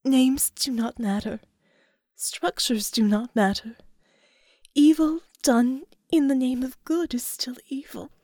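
A woman voicing a sorrowful, humble female angel in a slow, hushed whisper, reading a storybook. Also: sits high, no echo, clean studio sound, full character voice. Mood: solemn.

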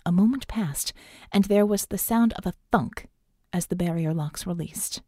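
A woman's voice: lowish voice, moderate pace, dark tone, breathy edge, no echo, studio quality. A woman narrating an audiobook in a tense, dramatic reading. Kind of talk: scripted narration.

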